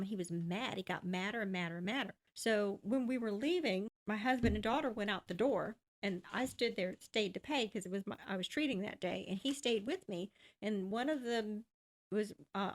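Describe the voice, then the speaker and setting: A female podcast co-host in casual chat, an animated storyteller who acts out the voices of people she quotes. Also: mid-range voice.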